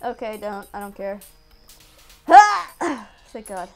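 A young woman giving casual gameplay commentary, excitable, yelping and laughing as she plays. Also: mid-range voice, takes it slowly, over loud music. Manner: excitable, yelps and laughs at the game. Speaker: gaming channel host.

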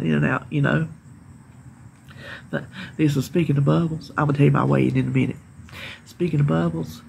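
A woman's voice: sits low, gravelly, mellow, a little hiss or hum. A middle-aged woman with a Southern American accent, chatting to camera on her porch and laughing often as she tells stories. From Southern United States. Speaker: weight-loss vlogger. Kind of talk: casual chat to camera. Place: home porch, outdoors. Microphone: phone camera.

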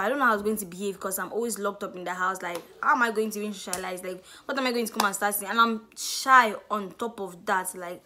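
A young Nigerian woman with a Nigerian accent telling a lively story-time vlog, acting out what people said. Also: medium pitch. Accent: Nigerian English. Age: young adult. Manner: animated storytelling, acts out quotes. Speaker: student vlogger.

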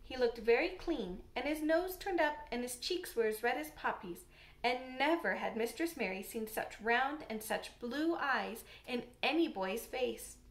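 A woman reading a storybook aloud in a calm, measured way. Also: a little high. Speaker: audiobook reader. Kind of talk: scripted storybook narration. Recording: roomy echo.

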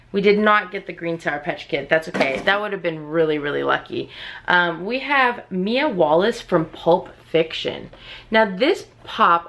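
A young woman vlogging at home, chatting to her viewers as she opens mystery boxes and bursting into excited squeals. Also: lowish voice, gravelly. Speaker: unboxing vlogger. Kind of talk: casual unboxing commentary. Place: at home indoors with others asleep.

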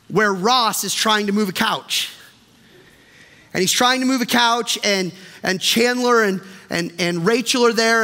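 A man preaching as pastor in a church, impassioned and then dropping soft and low to plead with the congregation. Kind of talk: sermon. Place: church sanctuary. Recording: long reverb of a church hall.

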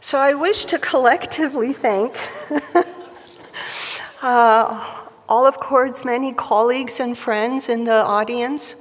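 A woman giving a prepared tribute speech at a professional society event, with a wry, measured delivery, at a podium microphone in a large hall. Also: a little high. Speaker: speaker at a surgical society event. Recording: reverberant hall.

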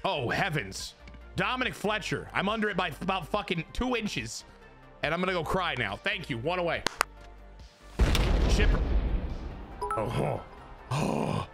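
A young man casually commentating his baseball video game to chat, excitable and crude, swinging between joking rants and hype. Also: on the high side, unhurried, long pauses, music in the background. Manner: crude, self-mocking humor.

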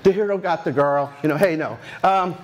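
A man in his sixties giving a rambling, animated talk at a tech conference, telling stories with many restarts and asides. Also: on the high side, fairly quick. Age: 60s. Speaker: conference speaker. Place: conference stage.

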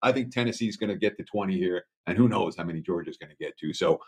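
A man's voice: low-pitched, fast, slightly rough. A man analyzing a game on a sports betting panel, telling it as a story with a chuckle here and there. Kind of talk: casual panel talk.

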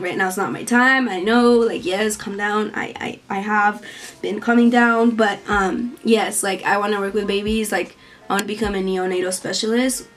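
A young woman, a college student, chatting casually in a Q&A vlog, talking a lot, filling her speech with "like", giggling and acting out the voices of people she quotes. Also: mid-range voice. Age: young adult. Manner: talkative, fills every phrase with "like". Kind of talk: casual Q&A chat.

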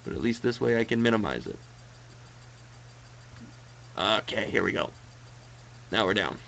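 Gravelly Canadian man streaming a game. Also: fairly low pitch, lively intonation, measured pace, fairly bright tone, a little hiss or hum, poor audio. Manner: chatty, talks to viewers while playing. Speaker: let's play streamer. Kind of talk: live game commentary.

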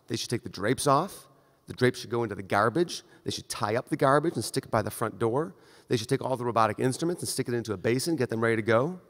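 Lecturing to conference attendees, a male surgeon talks directly and conversationally, guiding them through the steps as if they stood beside him. His mid-pitched voice echoes with a long reverb in the lecture hall, and he acts out brief exchanges.

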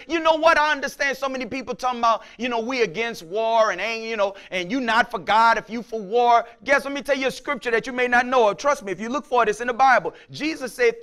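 A man preaching a sermon as pastor, with impassioned shouting of scripture and repeated "Praise the Lord" between points, sometimes dropping into a quiet prayer voice. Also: a little fast, few pauses. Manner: drops to a low, quiet prayer voice at times.

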